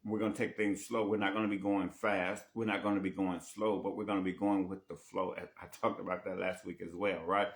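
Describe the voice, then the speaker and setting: A man's voice: deep voice, level tone, brisk, hardly any pauses. A man coaching on dating in a casual teaching monologue, often repeating himself and tagging rhetorical questions with "right?".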